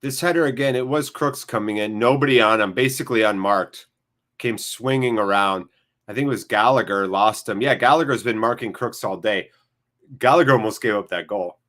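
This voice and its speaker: A man hosting a live football watchalong, commentating and joking excitably and swearing freely. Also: lowish voice, fairly quick. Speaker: watchalong host. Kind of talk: live match commentary and chat.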